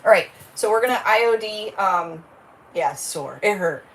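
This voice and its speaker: A woman's voice: medium pitch, expressive, normal speed, rough recording. A woman, hosting a casual crafting livestream, chatty and rambling as she greets viewers by name.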